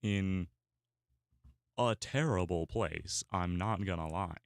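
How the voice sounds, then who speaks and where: A man's voice: low voice, slow pace, creaky, no echo. A young man chatting casually while he draws, rambling with many fillers and restarts. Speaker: artist and YouTuber. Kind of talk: casual chat while drawing.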